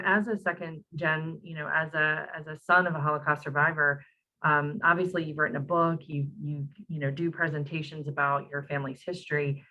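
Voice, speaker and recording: A woman's voice: low voice, pushed and bright, rough recording. A woman hosting an online talk, reading out audience questions in a conversational way with many fillers. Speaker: host, moderator.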